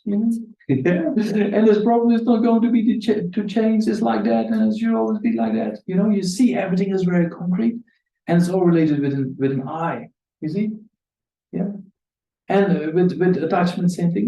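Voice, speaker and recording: A man gives a relaxed dharma talk in a roomy hall, his voice mellow and slightly raised in pitch. He speaks conversationally, chuckles often, and jumps higher when he acts out quotes. The mic sits some way off, so the sound is distant and echoey. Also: normal speed, highs cut off. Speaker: Buddhist teacher. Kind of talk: dharma talk to a live audience. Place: meditation centre hall.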